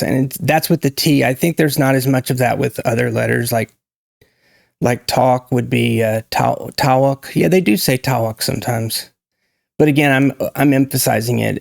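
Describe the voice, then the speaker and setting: A man's voice: mid-range voice, gravelly, no room sound, studio quality. A man from Georgia with a standard American accent lightly tinged with Southern vowels, talking casually on his own channel in a chatty, hesitant way with many fillers and restarts. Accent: standard American with a slight Southern tinge. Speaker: host. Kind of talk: casual solo talk.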